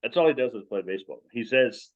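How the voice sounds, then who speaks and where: A man talking as a guest in a casual interview, easygoing and quick to laugh. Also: mid-range voice, lively intonation. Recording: dull lo-fi sound.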